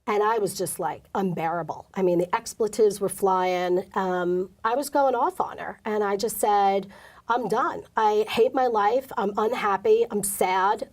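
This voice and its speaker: A woman's voice: medium pitch, darkish tone. Woman telling a candid personal story. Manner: candid, emotional storytelling, acts out quoted dialogue. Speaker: interview guest. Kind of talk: personal testimony in an interview.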